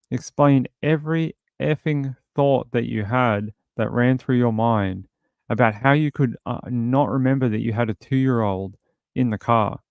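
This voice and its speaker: Blunt Australian man with a smooth voice. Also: medium pitch, darkish tone, dry recording. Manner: blunt, indignant, reads out viewer comments. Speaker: livestream host. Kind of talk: casual true-crime livestream chat.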